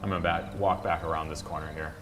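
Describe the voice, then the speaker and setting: A man's voice: a bass voice, steady tone, quick pace. A man playing a tabletop game, talking casually and chatty. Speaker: player. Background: background music.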